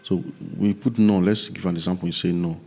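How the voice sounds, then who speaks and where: A man teaching music recording software in a loose, rambling tutorial with many restarts, from a home studio. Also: sits low, fairly even intonation, a little fast.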